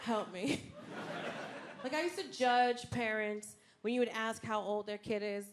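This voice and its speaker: A woman's voice: on the high side, unhurried. A woman doing stand-up, a mother joking in a sassy, profane, conversational way. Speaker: stand-up comedian. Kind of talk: stand-up routine. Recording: loud background noise.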